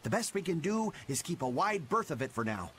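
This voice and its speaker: Brief: nervous, gossipy fisherman for a game, animated delivery. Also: on the high side, brisk, a little hiss or hum. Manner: worried, gossipy, uneasy. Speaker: fisherman townsperson in a video game. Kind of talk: video game voice acting.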